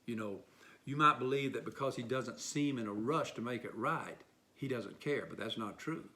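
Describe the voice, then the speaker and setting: Bright-voiced male pastor preaching a sermon. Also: normal speed. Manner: storytelling, voices quotes with lively pitch swings. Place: church.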